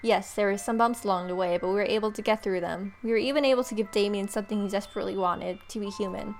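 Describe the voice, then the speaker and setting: A woman's voice: medium pitch, fast, faint music behind. A young woman reading a romance game aloud with expression, breaking off now and then for joking asides. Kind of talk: reading a visual novel aloud with commentary.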